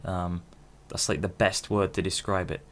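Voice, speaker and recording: Low-voiced young man rambling solo. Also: level tone, normal speed. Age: 20s. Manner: rambling, self-interrupting, casual swearing. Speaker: podcast host. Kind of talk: casual solo monologue.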